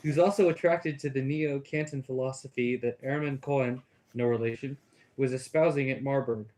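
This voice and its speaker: A man with a Texas accent, a student reading a text aloud in class, steady with small stumbles. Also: mid-range voice, fairly quick, rough recording.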